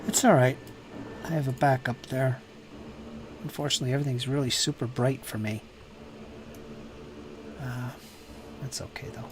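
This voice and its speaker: A man running a tabletop game as game master, describing scenes in a drawn-out, descriptive way. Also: mid-range voice, steady tone, background noise.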